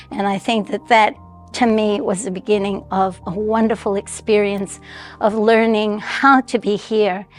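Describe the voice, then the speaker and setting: A woman in her sixties from Colombia, with a Colombian Spanish accent touched by a slight American twang, telling her life story in a reflective, heartfelt way. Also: mid-range voice. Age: 60s. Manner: reflective, heartfelt, with thoughtful pauses and restarts. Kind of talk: personal storytelling.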